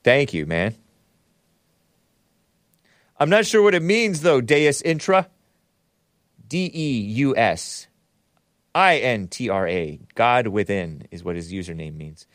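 A man's voice: mid-range voice, very animated, slow, pauses often, fairly bright tone, no room sound, studio quality. A man hosting a casual solo talk show, rambling sardonically, laughing at his own jokes and spelling words out letter by letter. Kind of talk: casual solo commentary reading super chats.

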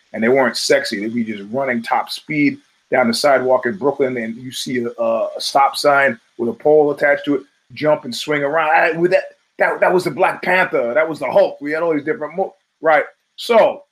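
A man's voice: medium pitch, poor audio. A middle-aged man hosting a podcast, rambling through profane stories with many restarts. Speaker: podcast host. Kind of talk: casual monologue.

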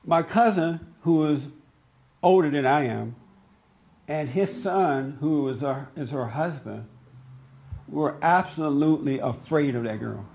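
A middle-aged man telling a casual personal anecdote, animated and laughing, raising his voice when he quotes people. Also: on the high side, a little slow, creaky. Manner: animated, laughing, quoting others in a raised voice. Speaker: storyteller.

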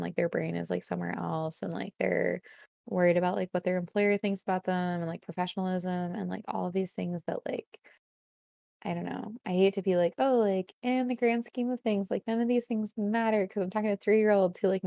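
Creaky-voiced young woman, rambling casually. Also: lowish voice, dark tone, no room sound, clean studio sound. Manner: rambling, with constant "like" fillers. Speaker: guest. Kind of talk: casual conversation.

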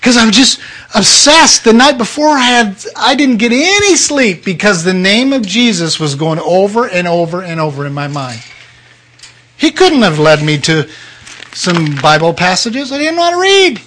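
An older man preaching a personal testimony, telling his story with emotion and sudden swings between loud outbursts and hushed moments. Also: sits high, big pitch swings, normal speed, slight background noise. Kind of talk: sermon testimony.

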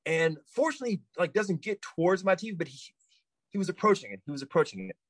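A man, a podcast guest, telling a story in casual chat, animated, repeating himself with many fillers and restarts. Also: high-pitched, fast, slightly rough, no room sound, rough recording.

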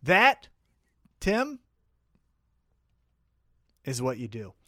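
This podcast co-host has a mid-range voice and talks extremely slowly, captured in clean studio sound with no room echo. His casual storytelling is profane and lively, full of quotes he acts out.

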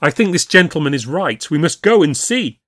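A man voicing an agitated middle-aged lawyer who speaks loudly and shouts in alarm, in a spoken ghost story. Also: on the high side, sing-song, moderate pace, no room sound, studio quality, pitched above the performer's own voice. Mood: tense.

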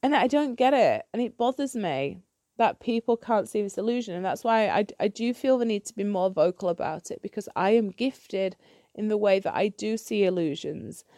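Woman, solo podcast host, blunt swearing rant; warm tone, dry close recording. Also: medium pitch, lively intonation, normal speed, no echo. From United Kingdom. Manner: blunt, ranting, swears freely; repeats and restarts when heated.

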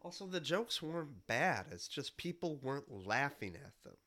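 With soft music in the background, a Midwestern podcast host in his thirties speaks in a fairly high, pushed, bright voice, very animated and at a moderate pace. He has a cold and rambles nostalgically in a casual monologue, with plenty of fillers and restarts.

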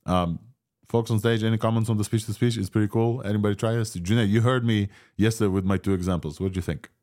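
A man hosting a live tech chat, with a very deep voice and a quick, loose delivery. He throws questions out to the panel between fillers. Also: steady tone, a little mellow. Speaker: podcast host. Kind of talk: casual live audio chat.

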